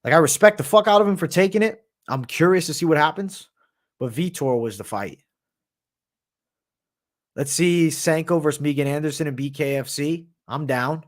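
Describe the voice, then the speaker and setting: A man from the United States hosts a livestream, chatting casually as he answers viewer questions. He's laid-back and profane, says "bro" a lot, and speaks at normal speed with a fairly high pitch.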